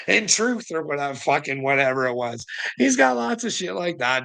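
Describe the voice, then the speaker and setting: A man's voice: a little high, sing-song, measured pace, gravelly, long pauses, sharp tone, rough recording. A man ranting in a rambling monologue, mocking and profane, laughing often between lines. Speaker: vlogger.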